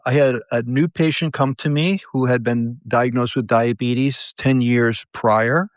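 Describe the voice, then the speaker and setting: A man's voice: medium pitch, steady tone, a little slow, dry recording. A man speaking as a podiatrist guest in an interview, telling stories earnestly and animatedly, often restarting his sentences. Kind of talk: conversational storytelling interview. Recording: slightly muffled, dry.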